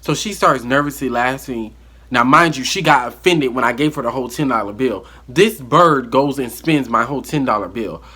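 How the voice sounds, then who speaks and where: Husky, bright-voiced man telling a story. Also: medium pitch, normal speed. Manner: animated, acts out the dialogue. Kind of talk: casual storytime monologue.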